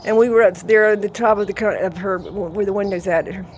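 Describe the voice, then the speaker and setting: A woman's voice: mid-range voice, fairly even intonation, brisk, highs cut off, a little hiss or hum. Boisterous, salty woman in her sixties. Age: 60s. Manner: laughing, salty, boisterous storyteller. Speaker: vlogger. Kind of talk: casual storytelling. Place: outdoors at her home yard.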